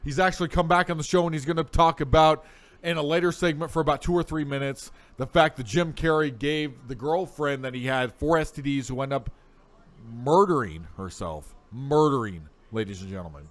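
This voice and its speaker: Young male host, high-pitched voice, hammy showman intros for a comedy show. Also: brisk, a bit bright. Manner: boastful announcer-style patter. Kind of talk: mock-showman comedy hosting.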